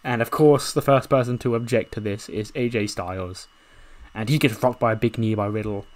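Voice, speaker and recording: Excitable man narrating a game's story. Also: lowish voice, brisk. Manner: excited, swearing, laughing at his own story. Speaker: video game commentator. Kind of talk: casual narration of a wrestling game.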